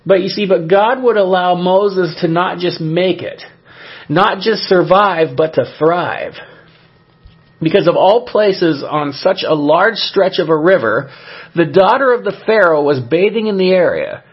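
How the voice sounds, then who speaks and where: A man with a slightly high, husky voice preaches a sermon in a loose, conversational way, stumbling over fillers and restarting sentences as he goes. The recording sounds dull and lo-fi. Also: a little slow. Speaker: pastor.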